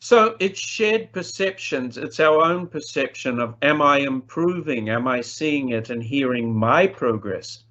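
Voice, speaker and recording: A man's voice: animated, measured pace, hardly any pauses. Emphatic man lecturing, dull lo-fi sound. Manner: emphatic, with sharp shifts in pitch and pace; playful asides. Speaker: plenary speaker on language teaching. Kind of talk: conference lecture.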